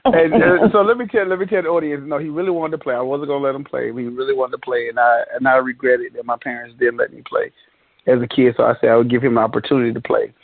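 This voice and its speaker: Husky-voiced man telling a story, phone-thin sound. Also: mid-range voice, fast talker, dry recording, phone-quality sound. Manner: animated storyteller, laughs often. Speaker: podcast co-host. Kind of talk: casual chat.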